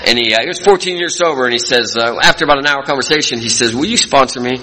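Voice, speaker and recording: A man's voice: mid-range voice, racing, sharp tone, a little hiss or hum. A man sharing his recovery story in an earnest, folksy storytelling way at a meeting. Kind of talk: personal testimony talk. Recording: long hall reverb.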